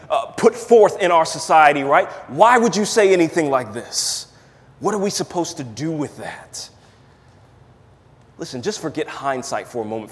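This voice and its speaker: Emphatic preacher in a reverberant hall. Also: male voice, on the high side. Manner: emphatic, rhetorical questions, swings from loud to hushed. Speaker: pastor. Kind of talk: sermon.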